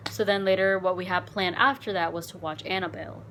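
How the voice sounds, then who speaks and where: A woman vlogger telling a dating story in a casual, animated, frank way, swearing and saying "like" a lot. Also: fairly low pitch, brisk, a little hiss or hum.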